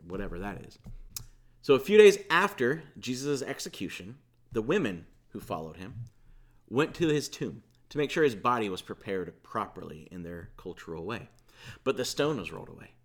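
A man preaching a sermon as pastor, retelling a scripture story in a conversational way with casual asides. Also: fairly low pitch.

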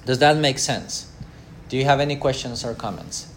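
In a mid-range voice, a man haltingly leads a Bible class at church with many fillers, performing everyday quotes and asking the group questions. Slight background noise is present.

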